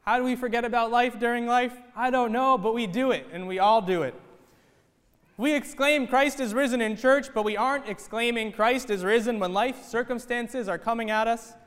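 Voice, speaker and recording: A man's voice: extremely high pitch, moderate pace, fairly bright tone, clean tone. A man preaching an earnest sermon in a church as its priest, telling a story and repeating his point. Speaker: Orthodox priest. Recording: echoey church hall.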